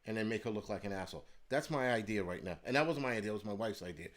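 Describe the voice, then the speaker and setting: A man's voice: fairly low pitch, lively intonation, racing. A man hosting his channel, telling a story in a heated, profane rant. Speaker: host of a prepping channel. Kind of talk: ranting storytelling monologue.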